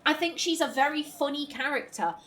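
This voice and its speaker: A woman's voice: sits high, a little fast, a bit bright. A woman commenting on a video game she is playing, ranting in exasperation and swearing freely. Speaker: let's play host. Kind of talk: gameplay commentary.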